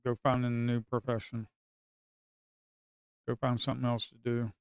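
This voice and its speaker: A man talks through his trades live, complaining about a stuck market and calling out to his viewers. His voice is smooth and clear at an ordinary pitch. The recording is dry and close. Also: moderate pace, no room sound. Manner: grumbling, talks to viewers as folks, sudden excited outbursts. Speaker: day trader streaming live. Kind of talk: casual live market commentary.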